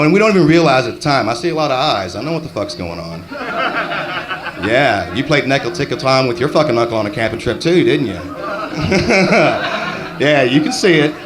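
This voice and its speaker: Middle-aged stand-up comic, slightly higher voice, rambling and profane on a club stage mic. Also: male voice, a bit bright. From Texas. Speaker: stand-up comedian.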